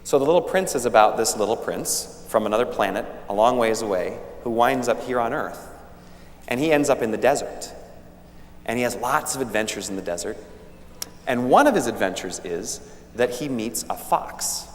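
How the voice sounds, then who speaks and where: A man speaking as a minister, telling the children a story during a church service. He talks gently and warmly at an ordinary pitch. His voice fills a large sanctuary with a long reverb and a faint hum beneath it. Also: animated, moderate pace.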